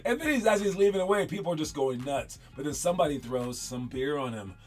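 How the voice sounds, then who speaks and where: A man's voice: fairly high pitch, animated, quick pace. A man hosting a casual solo talk show, rambling and stuttering, often repeating words as he thinks aloud. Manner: rambling, wanders off mid-thought. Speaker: podcast host.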